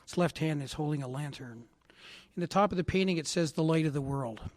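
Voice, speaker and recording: A man from Canada speaking at a recovery assembly, telling a heartfelt personal story that drops to hushed tones and rises to loud emphasis. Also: a little high, fairly quick, no room sound, clean studio sound. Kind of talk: personal testimony talk. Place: assembly hall.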